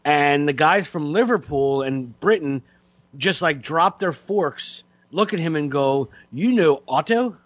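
A man hosting a talk show, telling a story in casual chat, halting with repeated words and fillers. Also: fairly high pitch, a bit bright, no room sound. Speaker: radio show host.

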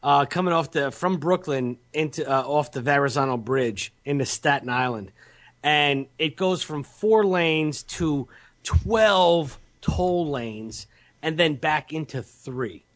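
A man's voice: on the high side, animated, slow pace, a bit bright. A man in casual chat, laid-back and profane, telling a story.

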